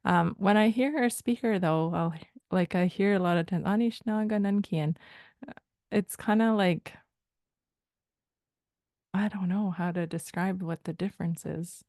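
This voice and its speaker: A woman from Rama First Nation in Canada explaining language points in a thoughtful, hesitant way, often pausing to search for words. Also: lowish voice, a little mellow, no room sound. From Rama First Nation, Ontario, Canada. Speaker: language teacher.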